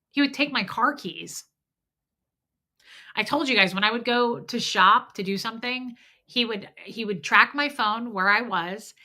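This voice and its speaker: This stuffy-nosed, middle-aged streamer chats openly and drifts from topic to topic, welcoming viewers by name. Her voice is on the high side, pushed and bright, at an ordinary pace.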